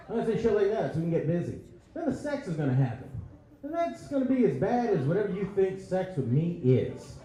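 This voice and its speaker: A man with a high, mellow voice works a crude, self-deprecating stand-up set on a club stage. His handheld mic rings in a very echoey room, with faint audience sound behind him. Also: very animated, normal speed, a faint crowd. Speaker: stand-up comedian. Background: audience laughter.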